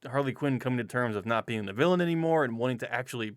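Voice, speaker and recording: A man's voice: medium pitch, racing, dry recording, studio quality. Man giving thoughtful comic-book takes. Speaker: podcast co-host. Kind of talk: casual chat about comics.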